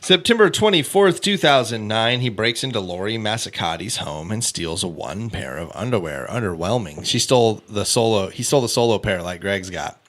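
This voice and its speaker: A man hosting a casual true crime podcast, reading out a case timeline with offhand asides and quick self-corrections. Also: on the low side, a bit bright. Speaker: podcast host.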